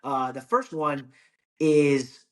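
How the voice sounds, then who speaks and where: A young man from Ohio speaks as a podcast guest in an easy, conversational way. His voice sits a little high for a man. He talks in earnest, restarting phrases and dropping the odd curse word as he makes his points. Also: lively intonation, a bit bright. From Ohio, United States. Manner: earnest, fast-flowing, repeats words and swears. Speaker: wrestling coach and guest.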